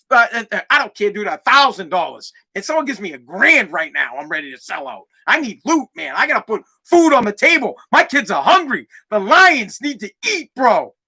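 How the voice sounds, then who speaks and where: A man hosting his own podcast, ranting loudly and profanely in a solo monologue. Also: extremely high pitch. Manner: loud, profane, animated rant. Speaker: podcast host.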